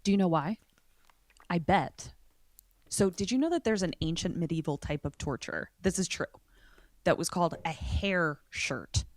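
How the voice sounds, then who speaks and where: A woman's voice: fairly low pitch, animated, moderate pace, no echo. A woman co-hosting a podcast, chatty and jokey, often trailing off and restarting as she talks. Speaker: podcast co-host. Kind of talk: casual chat.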